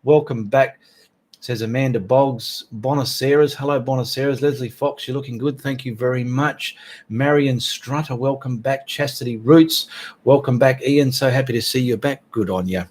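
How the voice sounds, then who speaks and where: A middle-aged Australian man hosts a casual livestream, rambling along and greeting viewers by name. His voice is medium-pitched with a darkish tone, and he speaks at a normal speed.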